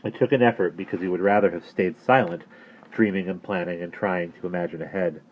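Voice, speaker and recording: A man reading a children's novel aloud in a steady, measured storytelling voice, recorded with a narrow phone-like sound. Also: low voice, a little hiss or hum. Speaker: narrator.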